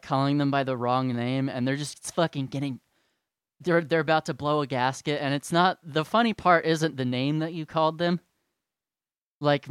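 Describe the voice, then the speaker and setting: A man's voice: fairly high pitch, clean tone, no room sound. A man ranting to his followers in a sarcastic, profane and rambling way. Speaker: vlogger. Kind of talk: profane rant to camera.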